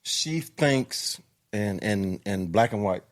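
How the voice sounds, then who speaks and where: Low-voiced affirming podcast host. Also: male voice, slow. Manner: warmly affirming, laughs often, animated when telling stories. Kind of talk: casual conversation.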